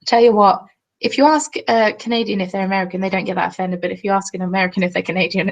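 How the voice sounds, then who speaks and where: A young woman hosts a crafting livestream, chatting casually and reading out viewers' comments with self-deprecating, apologetic asides. Her voice is medium-pitched and gravelly, with fairly even intonation and a quick pace. The recording quality is low.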